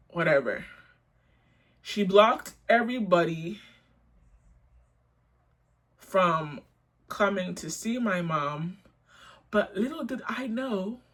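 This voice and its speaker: A woman's voice: medium pitch, a bit bright. Blunt, profane young woman. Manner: blunt, profane, indignant storytelling. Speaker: storytime vlogger. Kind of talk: storytime vlog.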